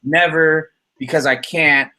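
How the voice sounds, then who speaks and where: A man's voice: on the high side, fairly even intonation, slow pace, bright, forceful tone. Profane, rambling man venting. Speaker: channel host. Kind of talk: casual podcast chat.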